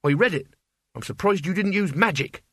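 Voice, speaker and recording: A man's voice: high voice, animated, moderate pace, a bit bright, slightly rough, no room sound, studio quality, pitched above the performer's own voice, exaggerated voice. A man doing an earnest, tired young lad. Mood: pleading. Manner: pleading, tired.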